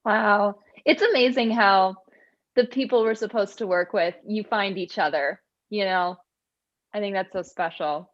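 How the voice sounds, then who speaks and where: A woman's voice: mid-range voice, measured pace. A woman moderator asking eager, chatty questions. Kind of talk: interview hosting. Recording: dull lo-fi audio.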